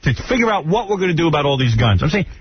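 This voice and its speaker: A man's voice: fairly high pitch, big pitch swings, very fast, husky. A middle-aged man, a radio show host telling a story in a brash, mocking way. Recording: dull lo-fi radio broadcast.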